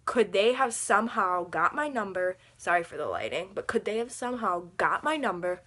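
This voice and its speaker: Brief: casual vlogger woman, rambling and chatty, bright edge, recorded at home. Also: mid-range voice, big pitch swings, moderate pace. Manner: rambling, chatty, lots of fillers. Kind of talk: casual storytime vlog. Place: room at home under a lamp.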